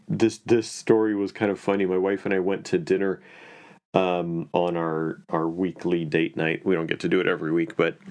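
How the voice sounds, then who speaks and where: A man who is an estate planning and probate attorney, telling a story casually with many fillers and restarts. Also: low voice.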